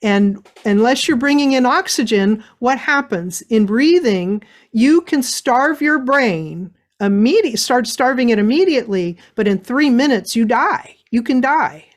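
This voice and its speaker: A middle-aged woman giving a motivational webinar talk, telling a story in an animated way. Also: a little high, measured pace, few pauses. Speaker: speaker.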